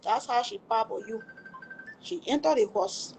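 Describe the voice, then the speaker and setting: A woman with a Liberian English accent speaks in a high voice. She tells a painful family story on a livestream. She pleads with emphasis and swears before God that every word is true. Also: normal speed, a little mellow, slight background noise. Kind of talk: emotional personal testimony.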